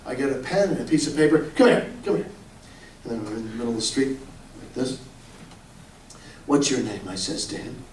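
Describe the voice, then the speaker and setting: A man in his forties telling a profane comic story on stage, breaking into shouts. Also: mid-range voice, a little fast, pauses often, far from the mic, slight background noise. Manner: animated, shouting bursts, profane. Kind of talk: live comedy storytelling. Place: comedy club stage with live audience. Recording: roomy live club recording with crowd. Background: audience laughter.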